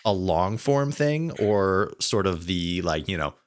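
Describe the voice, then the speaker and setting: A podcast host with a deep, low voice. He rambles through his questions and thoughts and fills them with filler words. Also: animated, takes it slowly, slight background noise. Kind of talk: casual podcast chat.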